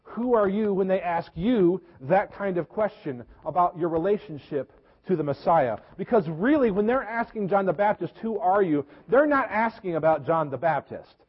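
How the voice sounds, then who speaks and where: A man preaching a sermon as pastor, earnest, repeating words and slowing down for emphasis. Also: high voice, lively intonation, breathy edge. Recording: echoey hall, dull lo-fi sound.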